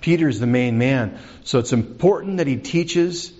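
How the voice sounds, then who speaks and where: A man's voice: medium pitch, lively intonation, a little slow, a little mellow, dull audio. A man preaching a sermon as pastor, conversational, asking the congregation questions.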